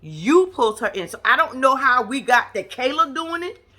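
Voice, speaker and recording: A brash, profane woman rants her reactions to a reality show. Her voice sits a little high and sounds bright and forceful, and she tells the story in an animated, gossiping way. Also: moderate pace. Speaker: reality TV commentator. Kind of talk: casual reaction commentary.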